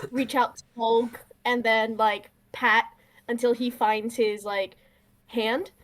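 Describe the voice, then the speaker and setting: A woman talks casually as a player in a tabletop role-play game. She hesitates and leans on fillers while she works out her moves. Her voice sits a bit high. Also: flat delivery, takes it slowly, fairly bright tone.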